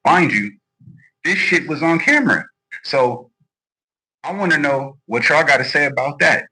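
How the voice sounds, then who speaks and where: A man's voice: fairly high pitch, expressive, normal speed, pushed and bright, breathy edge, rough recording. A man giving blunt, defiant video commentary straight to his viewers. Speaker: online commentator.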